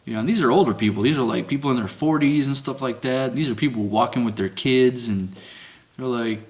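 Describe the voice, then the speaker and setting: A man's voice: mid-range voice, brisk. A man working as a security guard, telling casual, profane work stories outdoors at dusk and laughing now and then. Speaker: security guard at a residential lake. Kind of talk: casual vlog rant.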